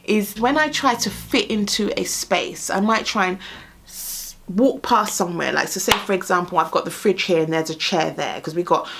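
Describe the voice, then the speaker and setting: A woman talks casually to her camera as a pregnant vlogger. She is often a little out of breath and keeps the chat lively with frequent laughs. She plays out the voices of the people in her stories. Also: medium pitch. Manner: animated storyteller, laughs often, acts out quoted voices. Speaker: vlogger sharing pregnancy experiences.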